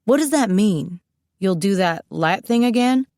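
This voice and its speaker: A woman voicing a stunned, gentle young man in an audiobook, asking halting, disbelieving questions. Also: medium pitch, animated, dry recording, clean studio sound.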